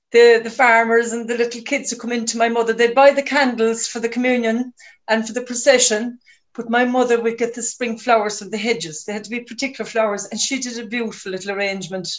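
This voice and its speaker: A woman with an Irish accent, a poet at an online open mic, introducing and reading her own poem over a video call, with a quick, rambling introduction and a gentle recital. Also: fairly high pitch.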